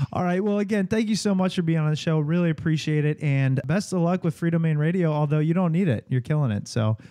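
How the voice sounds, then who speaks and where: A man hosting a podcast chats in a friendly way, laughing easily at his guest. His voice is slightly high and mellow. The mic is close and dry. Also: fairly quick, no room sound. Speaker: podcast host. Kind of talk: casual interview chat.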